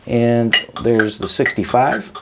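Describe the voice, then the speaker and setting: A man's voice: mid-range voice, slow pace, noisy background. A man hosting a drum lesson, explaining rhythms patiently and counting the beats aloud. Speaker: drum teacher and host.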